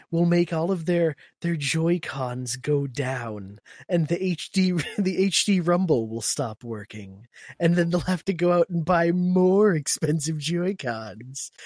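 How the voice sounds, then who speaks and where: A man's voice: a little high, animated, a little slow, darkish tone, no room sound. A man co-hosting a podcast in casual banter, sarcastic and joking, swearing and laughing often. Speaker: podcast co-host.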